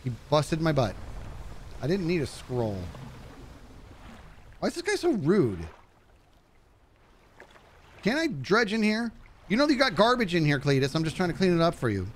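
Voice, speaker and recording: A man's voice: brisk, slight background noise. A man giving chatty live commentary while playing a fishing game, reading chat and yelping when things go wrong. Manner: animated, chatty, jumps to high panicky yelps.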